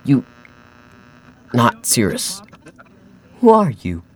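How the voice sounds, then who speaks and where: A man's voice: medium pitch, wildly swooping pitch, extremely slow, pitched above the performer's own voice, full character voice. A man voicing an erratic, crazed man trapped inside a book, pleading in broken fragments. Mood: frantic. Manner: pleading, breaking off mid-sentence.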